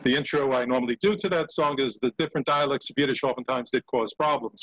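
A man's voice: mid-range voice, quick pace, no echo, soft background music, poor audio. Older man on a video call, hesitant talker. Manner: hesitant, many fillers when talking, lively when singing. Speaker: Yiddish actor and singer, guest. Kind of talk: casual video-call chat with sung comic song.

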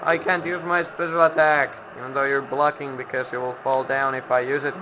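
A man's voice: medium pitch, flat delivery, fairly quick. A man from Finland commentating a video game he plays, grumbling, sarcastic and swearing at the enemies. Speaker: gameplay commentator. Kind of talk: let's play commentary. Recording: lo-fi home mic with background noise.

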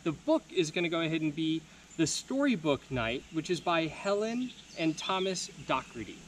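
A high, lively man reading a storybook. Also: a little hiss or hum. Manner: expressive, slow storybook reading. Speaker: camp counselor. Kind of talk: reading a picture book aloud.

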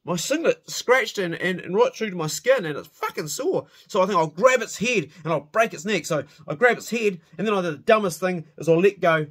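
A middle-aged man spins a rowdy yarn from his youth, animated and loose, swearing as he goes and laughing at his own mishaps. His voice sits a little higher than most men's. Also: brisk, hardly any pauses, breathy edge. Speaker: storyteller. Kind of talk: casual spoken storytelling.

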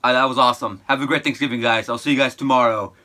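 Bright, excitable male reaction host. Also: medium pitch, very fast. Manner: excitable and emotional, keeps calling viewers "my boys". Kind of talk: excited reaction video chat.

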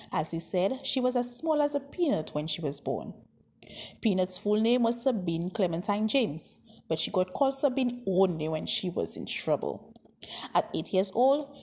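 A woman reading a children's story aloud with an expressive, varied delivery. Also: medium pitch, breathy edge. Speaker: narrator.

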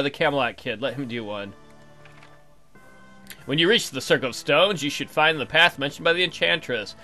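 A man's voice: medium pitch, bright, forceful tone. A man casually commenting on his gameplay, swearing, thinking aloud, and reading the game text. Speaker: let's play gamer.

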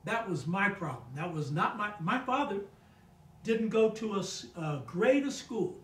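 Older man, high-pitched, emphatic storyteller, casual talk, roomy echo, set back from the mic. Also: animated, a little slow, a bit bright, recorded from a distance. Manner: emphatic, keeps asking "you know what I mean?". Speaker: guest speaker on a talk show.

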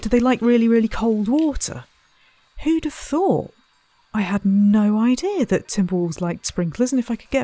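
Woman, let's-play host, chatty and wry, middle pitch. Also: dark tone, a little hiss or hum. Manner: chatty, self-mocking, talks to the animals and visitors. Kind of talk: casual gameplay commentary.

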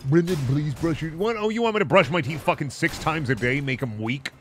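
A man's voice: on the high side, big pitch swings, a little fast, fairly bright tone, faint music behind. A man streaming a video game, ranting and swearing in a casual, mock-outraged way. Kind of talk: casual gaming stream commentary.

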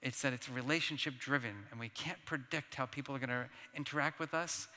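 A man giving a conference plenary talk, telling personal stories in an animated, self-deprecating way with laughs. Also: mid-range voice, brisk. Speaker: keynote speaker. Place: large conference hall. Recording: long reverb of a large hall.

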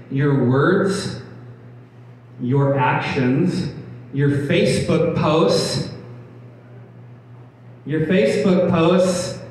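A man's voice: on the high side, a little mellow. A man preaching a sermon as pastor, earnest and emphatic, repeating his key points. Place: church hall. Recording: echoey hall from a distant mic.

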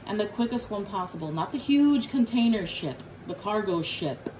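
A woman giving a casual tarot reading in a blunt, profane, joking way. Her voice sits at a middling pitch for a woman. Faint room noise hums behind her. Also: lively intonation, moderate pace, a little mellow, poor audio. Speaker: tarot reader.

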